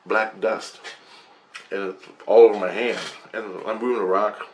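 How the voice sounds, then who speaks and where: Low-voiced man telling a rambling story. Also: normal speed, slight background noise. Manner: rambling, profane, excitable. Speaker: vlogger. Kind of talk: personal storytelling to camera.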